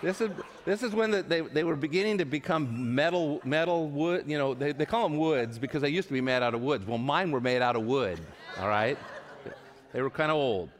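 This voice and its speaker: A man's voice: fairly high pitch, fairly quick. Man preaching in a reverberant hall. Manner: chatty and self-deprecating, with stammered restarts. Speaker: pastor. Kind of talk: storytelling sermon. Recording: long reverb of a large hall.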